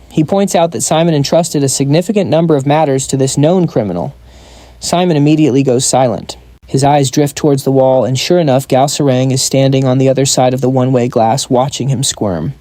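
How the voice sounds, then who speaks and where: A man's voice: a little high, warm tone, dry recording. A man narrating a comic story recap in a scripted style, dropping wry joking asides.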